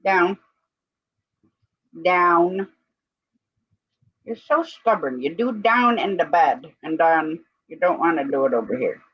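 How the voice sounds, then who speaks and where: A woman's voice: sits low, animated, normal speed, few pauses, breathy edge, no echo. A woman co-hosting a live stream in a casual, rambling chat, breaking off now and then to give commands to her dog. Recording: dull lo-fi stream audio.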